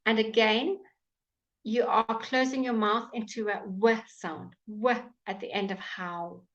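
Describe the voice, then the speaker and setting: A woman with an English accent and a steady, medium-pitched voice teaches pronunciation in a live online lesson, unhurried. She patiently draws out example words for learners to repeat, over dull lo-fi stream audio.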